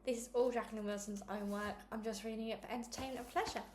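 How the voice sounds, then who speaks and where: Upbeat woman reading a kids book out loud, kinda high voice, faint hiss. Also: fairly even intonation, fast talker. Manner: chatty and upbeat, self-deprecating. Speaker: channel host reading a book aloud. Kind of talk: casual intro, then read-along narration.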